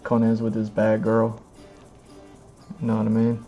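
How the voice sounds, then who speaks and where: Rambling man, flat mellow voice. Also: fairly low pitch, a little slow, dull audio, soft background music. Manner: rambling, lots of "like" and "you know what I mean". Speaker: streamer reading comics. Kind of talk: casual live-stream commentary.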